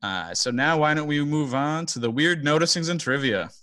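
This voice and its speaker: A man's voice: fairly high pitch, lively intonation, normal speed, sharp tone, soft background music. A man hosting a podcast in casual chat, leading the segments and laughing easily. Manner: laughing, easygoing, leads segments. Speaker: podcast host.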